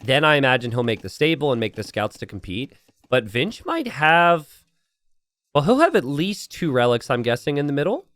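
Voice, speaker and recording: A man's voice: mid-range voice, sing-song, moderate pace, a bit bright, dry recording. A man commentating on a strategy game match live, breaking down the map and each player's plans in an easygoing way. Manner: analytical, easygoing.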